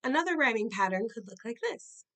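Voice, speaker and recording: A woman hosts an educational program about poetry. Her delivery is clear and measured, and she slows down when she reads verse aloud. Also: a little high, lively intonation, a bit bright, rough recording. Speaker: educational show host. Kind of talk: scripted narration and poetry reading.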